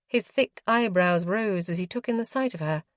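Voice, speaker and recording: A woman narrating a historical romance audiobook in a measured, expressive storytelling manner. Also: mid-range voice, no echo, clean studio sound. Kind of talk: scripted narration.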